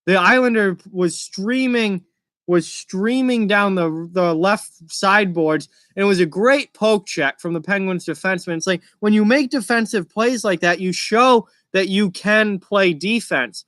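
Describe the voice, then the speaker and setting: Bright-voiced young man from Massachusetts. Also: sits high, unhurried, no room sound, studio quality. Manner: chatty, stops to answer live chat questions. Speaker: live-stream host. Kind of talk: casual live game reaction.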